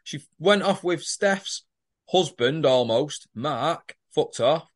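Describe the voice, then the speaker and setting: Brief: male co-host, animated sweary storyteller. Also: on the high side, takes it slowly. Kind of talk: casual recap chat.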